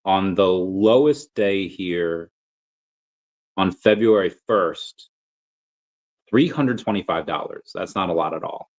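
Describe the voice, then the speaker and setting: Man, lower voice, casual livestream host, meandering and filler-heavy. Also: highs cut off. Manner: rambling, thinks aloud with many fillers. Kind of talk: casual livestream chat reading super chats.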